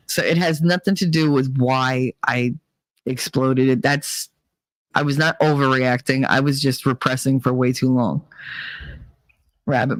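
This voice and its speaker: A female podcast host with a bass voice tells stories in a casual monologue, chatty and animated, laughing and swearing freely. She acts out quotes in a squeal, and there is no room sound.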